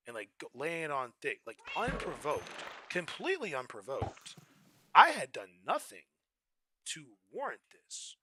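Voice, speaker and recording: A young man streaming, telling a story in an animated, exasperated way. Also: on the high side, measured pace, husky. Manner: animated, exasperated, rising to outrage.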